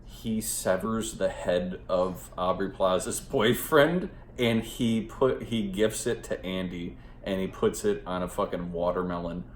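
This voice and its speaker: Deep-voiced rambling, swearing male reviewer. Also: unhurried, hardly any pauses, echoey room, a little hiss or hum. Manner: rambling and profane, heavy on fillers. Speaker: movie reviewer. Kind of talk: casual spoken movie review.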